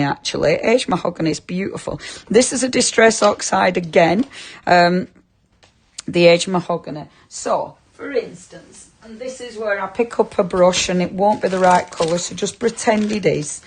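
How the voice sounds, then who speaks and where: Woman, low voice, effusive live shopping-channel craft presenter, gushing and chatty. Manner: chatty, effusive, talks to viewers by name. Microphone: earpiece with producer talkback.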